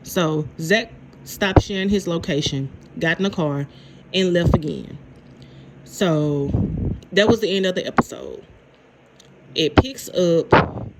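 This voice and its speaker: A woman in her thirties casually recapping a reality show, telling it in an animated way, repeating phrases and acting out what people said. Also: on the low side, takes it slowly, pauses often, heavy background noise. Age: 30s. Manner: animated storyteller, repeats herself, acts out quotes.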